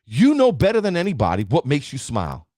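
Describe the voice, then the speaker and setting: Man, motivational speaker, emphatic live stream pep talk, animated delivery, dry close sound. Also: fairly high pitch, a little fast, no echo. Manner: emphatic, preachy, keeps asking "right?"; greets viewers by name.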